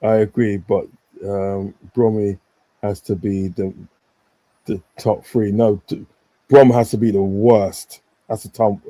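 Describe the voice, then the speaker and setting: A man hosts a casual football stream, giving blunt opinions and reading out comments. His voice sits on the low side and has a dark, mellow tone. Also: level tone, slow pace, rough recording. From English Midlands. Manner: blunt, opinionated, reads viewer comments aloud. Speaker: stream host. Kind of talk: casual live stream chat.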